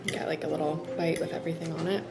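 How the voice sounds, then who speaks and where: A woman's voice: sits low, steady tone, fast talker, creaky, loud music behind the voice. A young woman chatting casually to the camera in a home vlog, bubbly and full of "like". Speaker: vlogger. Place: at home, kitchen and bedroom.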